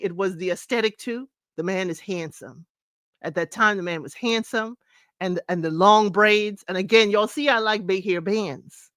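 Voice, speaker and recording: A woman's voice: mid-range voice, no echo. Woman host, middle-aged, casual and chatty, sings along in places; dry close mic. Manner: chatty, sings snippets, laughs often. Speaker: podcast host. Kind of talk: casual chat counting down music.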